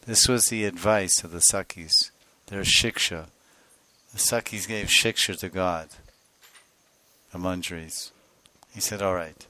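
A man giving a devotional sermon as a spiritual teacher, telling a sacred story with soft laughs and acting out the voices of its figures. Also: low-pitched, measured pace. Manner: laughs softly between phrases.

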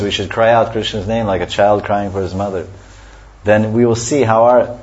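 Man teaching scripture, dull recording. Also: fairly low pitch. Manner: explanatory, often chants verses and laughs softly. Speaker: religious teacher. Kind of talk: scripture class.

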